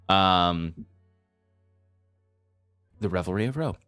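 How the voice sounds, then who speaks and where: Low-voiced man running a tabletop game. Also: lively intonation, drawn-out words, pushed and bright, clean tone, faint music behind. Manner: rambling, hesitant, laughs often. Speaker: game master.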